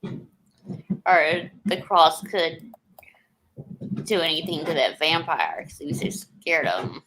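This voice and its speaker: A woman co-hosting a casual livestream chat, her voice on the low side. She speaks in a relaxed way and often pauses on um while she gathers her thoughts. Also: a little hiss or hum, poor audio. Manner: relaxed, hesitant, many ums. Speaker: co-host.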